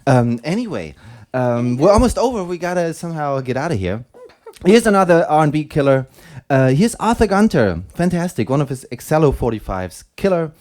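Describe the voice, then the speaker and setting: A man co-hosting a relaxed internet radio show, his pitch rising and falling a lot as he talks. He rambles, stumbles over fillers and chuckles between records. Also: fairly quick. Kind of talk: casual radio chat.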